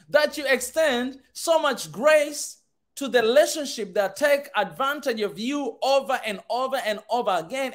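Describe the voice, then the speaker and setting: High-voiced man preaching with passion. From Africa. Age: 30s. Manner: preaching, rises to shouts. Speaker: host. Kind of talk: impassioned speech.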